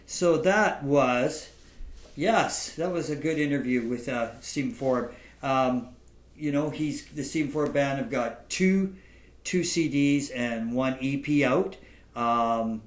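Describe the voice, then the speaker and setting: A man hosting a podcast, talking in a halting, casual way with frequent restarts and laughter, telling stories to his guest. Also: mid-range voice, roomy sound. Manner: halting, repeats words, laughs often. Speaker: podcast host. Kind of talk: casual interview chat and storytelling.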